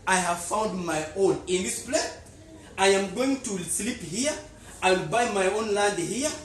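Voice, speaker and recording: A man's voice: high voice, expressive, unhurried, recorded from a distance, slight background noise. A male pastor voicing an earnest young prince in a sermon story, making firm, pleading declarations. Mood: resolute. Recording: echoey church hall.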